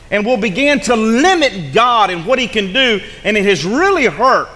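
A man's voice: high voice, fairly bright tone. A man preaching a sermon as pastor, emphatic and repeating lines for effect. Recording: long hall reverb.

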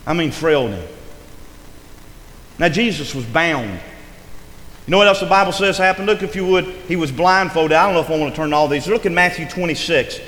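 A man preaches at a moderate pace, pausing often, in a somewhat high and slightly bright voice. His words rise and fall in preaching cadence with frequent stress. The setting is an echoey hall with long reverb and faint noise.

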